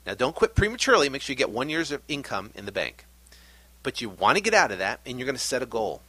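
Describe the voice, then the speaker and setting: A middle-aged man hosting a podcast, giving an energetic, animated pep talk. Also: mid-range voice, quick pace, breathy edge, no echo. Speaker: podcast host.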